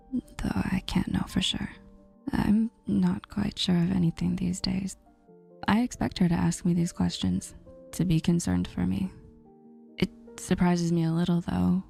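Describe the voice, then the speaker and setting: A woman narrating a first-person story in a soft, slow, often breathy near-whisper. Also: lowish voice.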